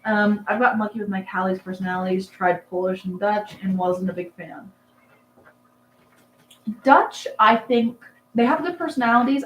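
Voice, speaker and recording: A woman's voice: mid-range voice, fairly bright tone, roomy sound, highs cut off, a little hiss or hum. A young woman hosting a casual livestream, chatting and answering comments in a rambling, filler-heavy way. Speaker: livestream host, rabbit breeder. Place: dark barn at night.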